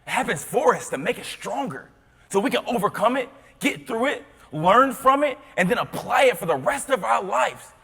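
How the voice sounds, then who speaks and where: A young man from Tennessee, giving a motivational keynote as a storyteller. He swings from loud to hushed and often repeats his words. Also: high voice. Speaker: motivational speaker. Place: large conference hall. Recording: long hall reverb.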